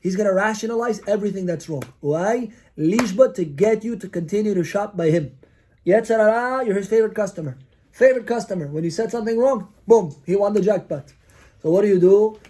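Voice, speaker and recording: Male rabbi, high pitch, lively storyteller sermon, acts out characters. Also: brisk. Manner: animated, acts out characters in the stories.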